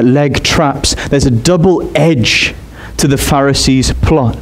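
A man preaching a sermon in an expressive way. He climbs high in pitch on his emphatic points.

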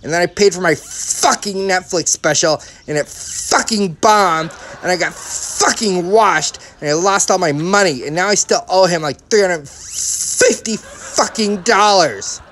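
A man doing a high-strung foul-mouthed comic. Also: a little slow, few pauses, a bit bright, slight background noise. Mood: ranting. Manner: swears constantly, defensive rants.

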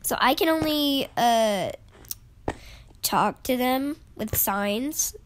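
A young woman with a sick, hoarse voice that keeps fading, chatting excitedly and giggling while she plays a game and talks to viewers. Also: high voice, slow. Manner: giggly and excitable, frequent laughs and squeals. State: sick, hoarse and losing her voice. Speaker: gaming YouTuber. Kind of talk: casual gameplay vlog.

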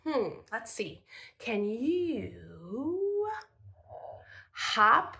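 A woman's voice: a little high, very animated, drawn-out words, gravelly, bright, forceful tone. A woman teaching a children's music class, singing and leading little ones in a cheerful sing-song voice.

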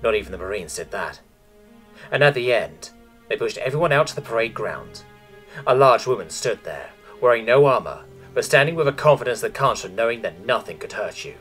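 A man giving a steady, measured scripted audiobook narration of a science fiction story. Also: medium pitch, soft background music.

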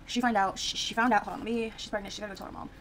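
A woman's voice: mid-range voice, steady tone, very fast, fairly bright tone, a little hiss or hum, poor audio. Chatty woman rambling over gameplay. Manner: chatty, rambling, lots of fillers and restarts. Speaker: gaming video creator. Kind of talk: casual gameplay commentary.

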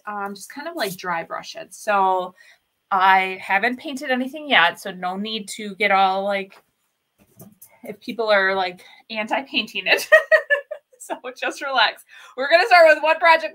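A woman with a slightly high, bright, crisp voice hosts a live crafting stream. She chats casually with viewers and greets them by name. She rambles with plenty of fillers and self-corrections. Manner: chatty and upbeat, greets viewers and reads their comments aloud. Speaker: host of a furniture-flipping craft channel.

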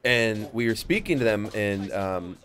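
A man of Greek family co-hosting a live gaming stream, swearing and laughing a lot as he tells stories, sometimes breaking into high mock voices. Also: measured pace, fairly bright tone. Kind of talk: casual live-stream chat.

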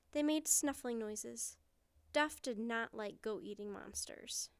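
A woman reads a children's storybook aloud in a high, clean voice. She takes her time and reads expressively, close to the mic. The room sounds dry. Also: no echo. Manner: clear, expressive reading.

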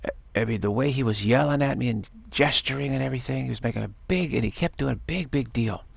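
A man's voice: medium pitch, fast talker, vocal fry, no room sound. A man telling a rambling, enthusiastic story in a casual monologue, often restarting his sentences.

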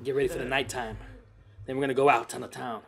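A man's voice: medium pitch, fairly even intonation, quick pace, creaky. A man giving rambling, profane commentary over a life-simulation game, often mocking its characters. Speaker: gamer. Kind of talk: profane Let's Play commentary.

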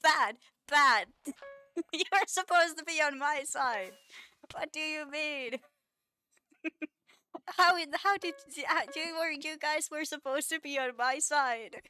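Woman streamer, slightly high and bright voice, unhurried, playful mock-scolding with frequent laughs. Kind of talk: casual live-stream chat with viewers.

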